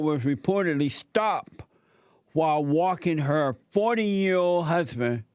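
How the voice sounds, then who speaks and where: A man sits in as host of a call-in talk show, speaking in a fairly high voice for a man. He talks bluntly and with strong opinions, in plainspoken, casual grammar. The sound is dry, close and studio-clean. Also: no room sound.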